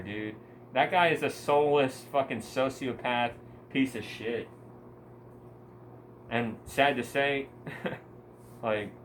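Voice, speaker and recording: A man's voice: mid-range voice, a little hiss or hum, poor audio. A young man ranting to camera in an angry, profane, scornful way, with mocking asides. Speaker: vlogger. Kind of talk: ranting monologue.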